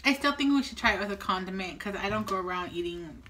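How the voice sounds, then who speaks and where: A woman's voice: mid-range voice, expressive, fast talker, bright, forceful tone, slight background noise. A woman co-hosting a casual food-tasting chat, describing textures in a chatty way full of "like". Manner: chatty, descriptive, fond of fillers like "like". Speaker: co-host of a vegan food review channel.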